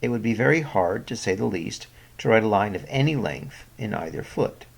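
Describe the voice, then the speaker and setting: A man narrating a scripted lesson on poetry, explaining terms clearly and stressing the example words. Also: fairly low pitch, lively intonation, moderate pace. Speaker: poetry teacher.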